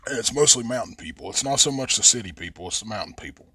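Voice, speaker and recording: A lowish, animated voice comes fast, pushed and bright with a breathy edge, on a dry recording. It belongs to a podcast host from West Virginia who, in a Southern Appalachian accent, rambles and cusses freely, drawling his vowels into a close mic during a casual profane monologue.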